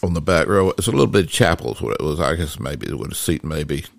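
An older man tells old stories in a low, gravelly voice, halting often and reaching for details. The sound is close and dry, with no room around it. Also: expressive, no room sound. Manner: slow, halting recollection with many fillers. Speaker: guest father telling stories. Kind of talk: casual storytelling.

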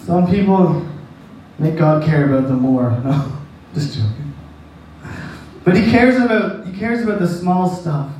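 A man's voice: fairly high pitch, animated, measured pace, a little mellow, slight background noise. A man preaching a sermon who tells a personal story in a rambling, folksy way and laughs at his own jokes. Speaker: pastor. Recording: echoey hall, distant mic.

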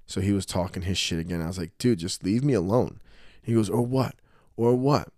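Deep-voiced man telling stories. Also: fairly quick, no room sound, studio quality. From New Jersey. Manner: storytelling, animated quoting of others. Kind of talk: casual podcast chat.

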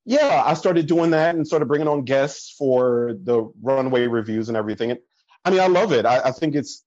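A man chatting casually as a podcast guest, telling stories full of fillers, laughing often and jumping higher in pitch when he quotes people. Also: moderate pace, no echo, dull audio. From American Midwest. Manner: animated storyteller, swings up in pitch when quoting people. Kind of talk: casual chat.

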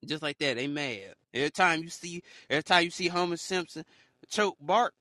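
Bright, dry-voiced man riffing casually. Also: fairly high pitch, brisk, no room sound. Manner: rambling, joking, laughs often, mocks haters in put-on voices. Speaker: podcast host. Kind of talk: casual motivational monologue.

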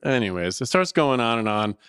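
Podcast co-host, male, lively storyteller, clear dry studio sound. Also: mid-range voice, fairly quick, no room sound. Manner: animated, acts out both sides of a phone call. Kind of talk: casual storytelling chat.

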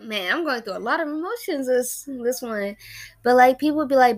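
Her voice is high-pitched and expressive at a normal speed. She is a woman in her early twenties talking casually to camera about a personal loss, emotional and rambling, with frequent fillers and restarts.

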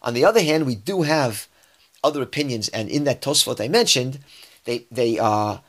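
A man's voice: mid-range voice, lively intonation, normal speed, fairly bright tone. Man teaching scripture verse by verse. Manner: reads Hebrew verses aloud, then explains them in English with frequent restarts. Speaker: Bible teacher.

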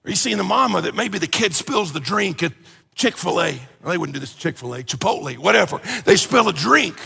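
A man preaching a conversational sermon as pastor, animated and joking, acting out everyday complaints. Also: high voice, brisk, gravelly, slightly rough, long reverb tail.

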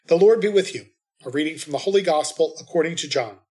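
A man reading the responsorial psalm and scripture readings at Mass in a measured, steady way. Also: a little high.

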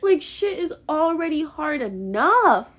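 A woman's voice: high-pitched, sing-song, a little slow, a bit bright. A young woman on a podcast, venting in a raw, profane, repetitive way about her family. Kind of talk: emotional podcast monologue.

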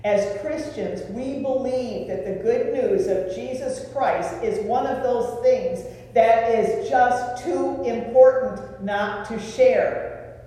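A woman pastor preaching a sermon in a deliberate way, with rhetorical questions and lists, recorded in a church sanctuary. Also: on the high side, warm tone. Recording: echoey hall from far off.

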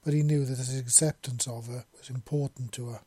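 A man's voice: medium pitch, steady tone, brisk, dark tone, slightly rough, no echo. A man reading a romance story aloud, with small slips and restarts. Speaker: narrator. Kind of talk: amateur fiction reading.

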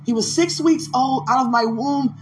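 A woman's voice: sits high, moderate pace, soft background music. A woman podcast host telling a personal faith testimony in an emotional way, with pleading repetitions.

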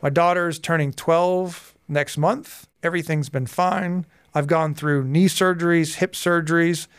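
A man in his forties, a guest on a podcast interview, telling personal stories in a lively way and acting out the dialogue. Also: on the high side, measured pace, smooth, no echo. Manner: lively storyteller who acts out dialogue. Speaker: guest, hypnotherapist and coach.

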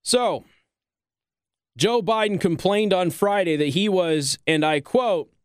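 A man's voice: high-pitched, takes it slowly, clean tone, dry recording, clean studio sound. A man hosting a political talk show, delivering opinionated commentary and mocking others in quoted voices.

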